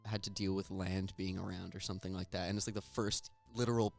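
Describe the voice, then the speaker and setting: A young man hosting a casual podcast, chatty and easygoing, tossing in quick reactions and laughs. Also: low voice, flat delivery, gravelly, a little mellow, soft background music. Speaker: podcast host. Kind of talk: casual chat.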